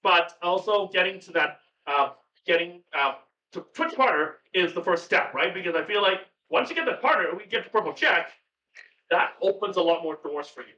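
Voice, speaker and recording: A man in casual chat as a podcast guest, rambling and excitable, swearing now and then, on a video call. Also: high-pitched, normal speed. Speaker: podcast guest, cooking streamer. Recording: far-off, roomy, dull sound with hum.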